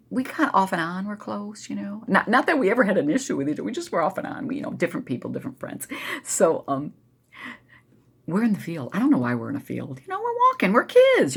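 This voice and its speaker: A woman with a deep, gravelly, husky voice tells a personal story to her viewers. She digresses constantly and addresses them as "y'all." At times her emotion pulls her down into a soft near-whisper. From US Midwest. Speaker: vlogger.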